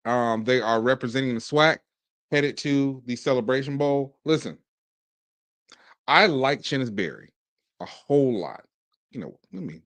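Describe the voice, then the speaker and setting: A man in his forties from Mississippi, hosting a casual sports commentary show, animated and talking in bursts with frequent restarts. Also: mid-range voice, dry recording. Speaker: podcast host.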